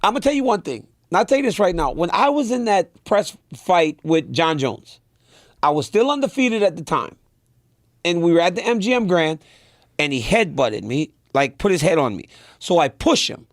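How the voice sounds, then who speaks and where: A man's voice: sits high, sing-song, moderate pace, no room sound, clean studio sound. A man guest on a podcast, telling a story in a colorful, profane way and laughing as he goes. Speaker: guest fighter. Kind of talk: animated storytelling.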